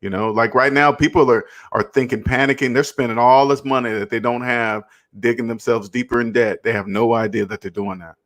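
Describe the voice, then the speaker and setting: A man's voice: mid-range voice, steady tone, brisk, hardly any pauses, a bit bright. Man chatting casually, repeating his words. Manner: repeats words, tags "you know what I'm saying". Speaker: host giving money advice. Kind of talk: casual chat.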